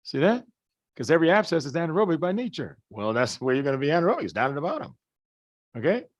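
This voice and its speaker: A man with a slightly high voice gives a live class lecture. He talks in a folksy, colloquial way, keeps throwing rhetorical questions at the students and checks again and again that everyone follows. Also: very animated, fast talker, dull audio. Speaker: medical lecturer.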